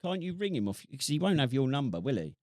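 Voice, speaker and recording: A man co-hosting a podcast in casual banter, brash and quick to swear. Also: medium pitch, sing-song, a little mellow, dry recording, clean studio sound. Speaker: podcast co-host.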